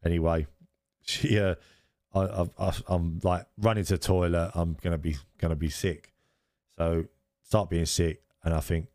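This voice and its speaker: Low-voiced man telling a story. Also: steady tone, moderate pace, darkish tone, no room sound, studio quality. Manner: rambling, laughs at his own story. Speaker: podcast co-host. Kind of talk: casual storytelling chat.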